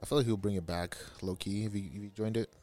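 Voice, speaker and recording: Fast-talking, low-voiced young man. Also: no echo, soft background music. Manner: rapid, excitable, slangy. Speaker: podcast co-host. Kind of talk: casual podcast chat.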